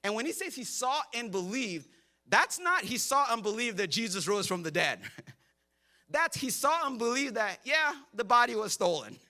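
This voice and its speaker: A man's voice: extremely high pitch, sing-song, normal speed, bright, forceful tone. A man in his thirties preaching a sermon as a pastor, telling the story with jokes and frequent laughter. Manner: joking storyteller, acts out quotes; laughs often while preaching.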